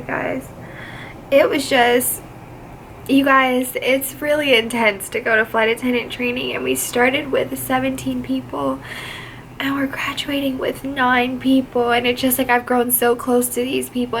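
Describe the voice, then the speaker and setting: A woman's voice: high voice, a bit bright, slight background noise, poor audio. A young woman vlogging about finishing flight attendant training, gushing and emotional, close to tears, talking casually with lots of filler words. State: teary, on the verge of crying. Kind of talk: casual vlog chat.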